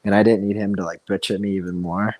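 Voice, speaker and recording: A man's voice: sits low, flat delivery, fast talker, darkish tone, a little hiss or hum, rough recording. A man co-hosting a casual podcast, rambling through anecdotes with many fillers and casual swearing. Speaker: podcast co-host. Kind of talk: casual chat.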